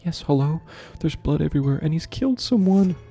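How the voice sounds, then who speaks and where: Man putting on a frantic young woman in a horror story, shrieking high above his own voice. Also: lively intonation, brisk, warm tone, soft background music. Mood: panicked. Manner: shrill panicked shrieking. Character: terrified young woman fleeing a killer clown.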